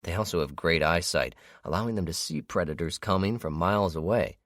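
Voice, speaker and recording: A man reading an audiobook, voicing a calm, patient hunter who explains things at length. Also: low-pitched, a little fast, dry recording, clean studio sound. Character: grown man, a hunter and guide, calm and steady.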